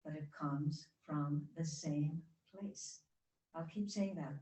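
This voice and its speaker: A woman giving a spiritual talk to a congregation, guiding them gently and chatting with the audience. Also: sits low, takes it slowly, far from the mic. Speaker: guest speaker. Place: church hall. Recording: roomy hall sound from off-mic.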